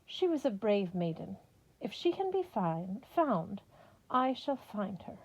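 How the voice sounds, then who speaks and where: A woman voicing a calm, regal goddess in a girl's form, who speaks in a slow, measured, formal way. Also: medium pitch, vocal fry, muffled recording, full character voice. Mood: gentle.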